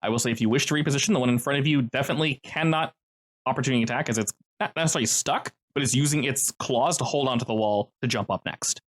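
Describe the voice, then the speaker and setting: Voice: medium pitch, quick pace. A game master narrating a tabletop game in a playful, joking way. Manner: playful, animated narration with jokey asides.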